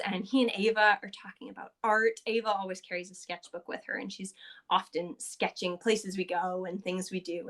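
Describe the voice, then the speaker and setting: A woman podcast co-host casually recapping a tabletop game session, chatty and loose with lots of fillers. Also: medium pitch.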